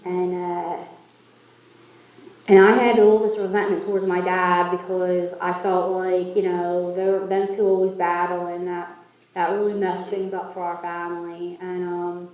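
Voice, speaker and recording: A woman's voice: on the low side, level tone, measured pace. A woman speaking at a recovery meeting, telling her own story in a candid, self-mocking way. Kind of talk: personal recovery story talk. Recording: echoey hall, far from mic, muffled.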